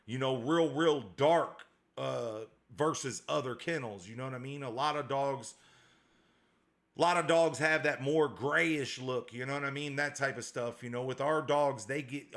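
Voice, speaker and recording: A man's voice: medium pitch, a bit bright. A man hosting a casual livestream as a dog breeder, reading out viewer comments in a slangy, repetitive way.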